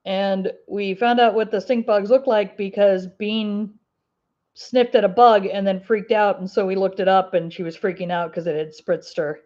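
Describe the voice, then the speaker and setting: A woman's voice: medium pitch, steady tone, normal speed, darkish tone. A woman with an Ozark twang chats casually with her livestream viewers, rambling from thought to thought with plenty of fillers. Her voice sits in a middle register. The stream audio is a little dull and muffled. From Ozark Mountains, US. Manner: chatty and rambling, with many fillers and laughs. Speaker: crafting livestream host. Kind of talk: casual livestream chat answering viewer comments.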